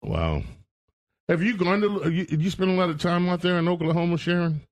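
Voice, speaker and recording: A man's voice: sits high, animated, fairly quick, no room sound. A man hosting a call-in radio talk show, with playful, upbeat announcer patter, on a studio microphone.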